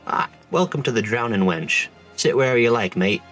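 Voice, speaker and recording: A man voicing a rough, slangy tavern keeper in a game, with a put-on accent. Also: medium pitch, animated, a little fast, fairly bright tone, soft background music, pitched above the performer's own voice, close to an everyday voice. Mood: gruff welcome. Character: rough salty male tavern keeper, middle-aged. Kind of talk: reading game dialogue aloud in voices.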